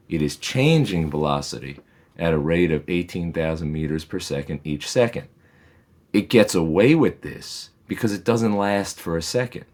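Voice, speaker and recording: A man's voice: deep voice, darkish tone. A man, a physics teacher, patiently and methodically walks through homework problems in a recorded lesson, with reassuring asides.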